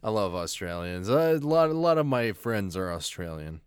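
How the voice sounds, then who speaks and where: A man's voice: on the low side, very animated, normal speed, clear, resonant tone, dry recording. A young man co-hosting a podcast, talking in a tired, offhand, mumbling way. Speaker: podcast co-host. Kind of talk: casual chat.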